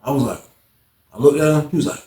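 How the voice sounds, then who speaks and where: Animated man telling a story in an echoey room. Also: medium pitch, fast talker. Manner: animated, repeats himself, acts out scenes. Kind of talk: casual storytelling.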